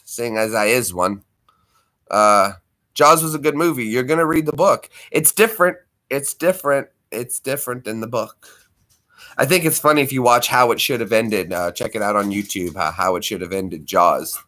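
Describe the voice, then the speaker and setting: A man hosts a casual live stream from home, talking to his viewers in a loose, chatty way and laughing readily. His voice is bright and forceful. It rises and falls a great deal as he talks. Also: medium pitch.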